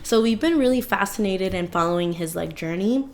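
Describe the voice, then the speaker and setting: A young woman co-hosting a podcast chats casually, her medium-pitched voice lively and a little fast. She uses lots of fillers and "like"s while retelling events emotionally.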